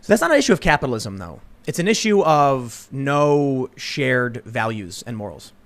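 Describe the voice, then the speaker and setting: A man hosting a casual panel discussion, telling stories in an animated way and often restarting his sentences. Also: mid-range voice, normal speed. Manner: animated storytelling with repeated restarts. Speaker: host.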